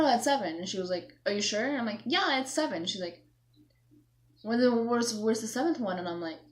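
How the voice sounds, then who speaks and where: A young woman vlogging, telling a story in a rambling, self-mocking way, acting out herself and her mom. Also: mid-range voice. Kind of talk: casual storytelling to camera.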